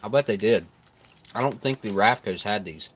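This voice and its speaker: Male streamer, low voice, relaxed chatty food review, mouth full at times, light background noise. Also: moderate pace. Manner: relaxed, chatty, talks while chewing. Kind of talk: live stream food tasting.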